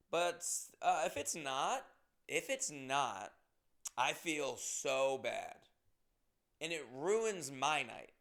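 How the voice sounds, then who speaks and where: A man's voice: fairly high pitch, fairly bright tone. A man hosting a podcast, telling rambling, self-deprecating stories and swearing often. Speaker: comedian and podcast host. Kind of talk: casual podcast monologue.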